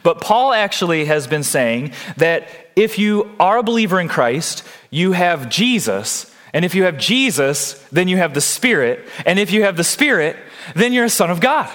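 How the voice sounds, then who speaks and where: Guy pastor preaching a sermon, kinda high voice, earnest, keeps asking the crowd stuff. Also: expressive, normal speed, fairly bright tone. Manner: earnest, addresses the congregation with questions.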